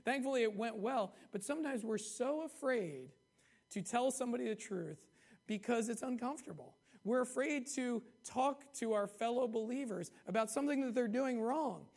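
A man's voice: very high voice, expressive, normal speed, gravelly, a little mellow. A man preaching a sermon in a conversational way, reading scripture aloud and checking in with "okay?" and "right?". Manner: reads scripture aloud with rising emphasis.

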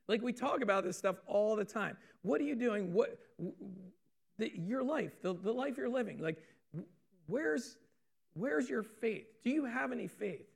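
A man's voice: sits high, creaky. A man preaching a sermon in a conversational way, repeating phrases and asking his audience questions. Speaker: pastor.

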